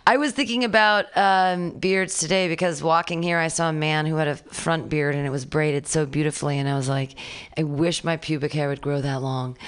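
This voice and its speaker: A woman's voice: low voice, clean tone. A woman hosting an open mic, doing crude, offhand banter between comedians. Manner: crude, offhand, shouts introductions. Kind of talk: stand-up host banter.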